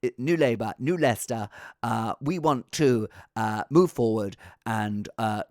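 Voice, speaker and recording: A man putting on a middle-aged male party leader making a speech, slightly lower than his own voice and halting between phrases. The sound is close and dry, with almost no room around it. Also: a little mellow, no room sound, lightly acted. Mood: mock oratory. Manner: halting, admits it is a poor impression.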